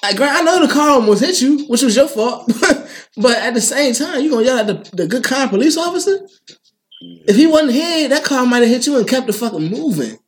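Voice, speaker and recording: A man with a notably high voice tells animated stories in casual podcast chat. His talk is heavy with profane slang, and he laughs his way through his own anecdotes. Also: brisk. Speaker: podcast co-host, phone store worker.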